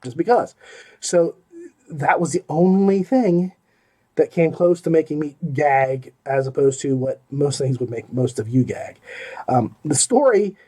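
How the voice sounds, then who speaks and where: A middle-aged man talks through a book review in a loose, rambling way. His voice sits a little high and jumps between loud bursts of excitement and muttered asides. He keeps checking in with "okay?" as if chatting with a friend. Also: a little slow, slightly rough. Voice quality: animated, emphatic, swings between loud exclamations and mumbled asides. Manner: rambling and self-interrupting, with repeated 'okay?' and 'like'. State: hiccuping. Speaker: podcast host reviewing audiobooks. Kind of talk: casual spoken book review.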